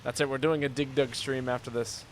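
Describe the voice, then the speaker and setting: A man streaming a game, chatting casually and joking with his viewers, now and then yelping with excitement. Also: medium pitch, fairly quick, slight background noise. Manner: relaxed, joking, with sudden excited yelps. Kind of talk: casual gameplay chat. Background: game music.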